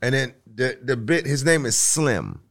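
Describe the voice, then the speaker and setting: A man's voice: mid-range voice, measured pace. A male comedian telling a story in casual conversation, laughing often and acting out the voices of people in it. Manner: animated, laughs often, acts out voices in his stories. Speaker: guest comedian.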